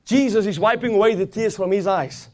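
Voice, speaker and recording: Delivering a sermon with fervor, a man speaks high-pitched and fairly quickly, his tone darkish. Phrases recur again and again as his preaching swells and rises.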